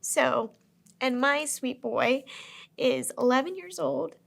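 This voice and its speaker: A woman's voice: high voice, takes it slowly, vocal fry, slight background noise. A woman co-hosting a counseling discussion, speaking in a heartfelt, personal way. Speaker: co-host. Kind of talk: casual discussion.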